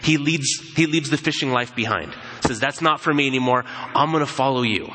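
A man's voice: mid-range voice, a little fast, sharp tone, a little hiss or hum. Conversational male pastor in a reverberant hall. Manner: conversational storytelling, acting out quoted voices. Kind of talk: sermon.

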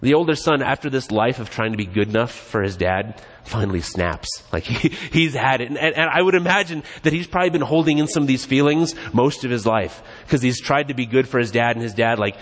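A man's voice: mid-range voice, a little fast, few pauses. A man preaching a casual, joking, conversational sermon in a church sanctuary. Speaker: pastor. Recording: long reverb in a church hall.

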